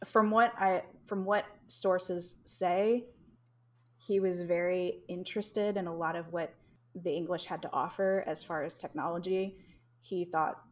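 Slow, low-voiced woman telling history. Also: fairly even intonation. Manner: rambling, laughs often, swears casually. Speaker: podcast host telling history. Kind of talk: casual chat.

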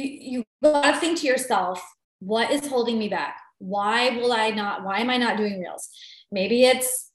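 A woman co-hosting a podcast, chatting casually in an animated, self-deprecating way. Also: a little high. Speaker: podcast co-host. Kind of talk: casual chat. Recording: roomy echo.

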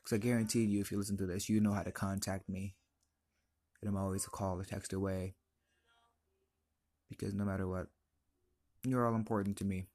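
A man's voice: low voice, level tone, fairly quick, pauses often, darkish tone, no echo. A teenage boy hosting his own podcast, telling a personal story in an earnest, emotional, confiding way. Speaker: podcast host.

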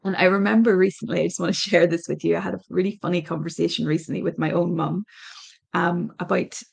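Irish woman, middle-aged, solo podcast host; husky, creaky delivery, thoughtful and halting. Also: fairly low pitch, fairly even intonation. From Ireland. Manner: thoughtful, hesitant with many ums and restarts. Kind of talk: reflective solo podcast talk.

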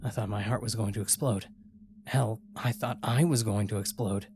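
A man's voice: lowish voice, steady tone, moderate pace, background noise. A man narrating a first-person horror story in a tense, dramatic way.

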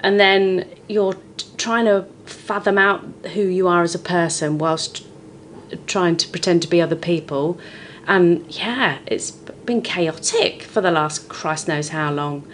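A woman's voice: fairly low pitch, unhurried, slight background noise. Frank storytelling woman in her forties. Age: 40s. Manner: frank, expressive storytelling with lively swings. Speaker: guest, comedian. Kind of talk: candid podcast conversation.

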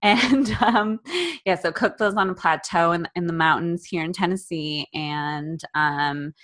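Bright-voiced chatty woman. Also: on the low side, a little slow. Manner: laughs often, rambling and chatty. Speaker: podcast co-host; teacher. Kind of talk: casual chat.

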